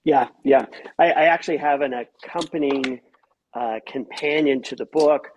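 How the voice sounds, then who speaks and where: A man's voice: mid-range voice, normal speed, a little hiss or hum. A middle-aged man, a therapist and author, talking in a podcast interview and acting out quoted lines in his stories. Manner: animated storyteller who acts out quoted voices.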